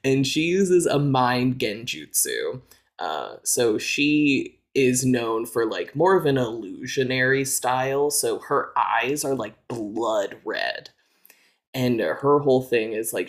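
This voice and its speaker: A man co-hosting a podcast, chatting casually and explaining things at length, with lots of "like" fillers. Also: medium pitch. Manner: explanatory, filler-heavy with frequent "like". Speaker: podcast co-host. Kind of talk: casual chat.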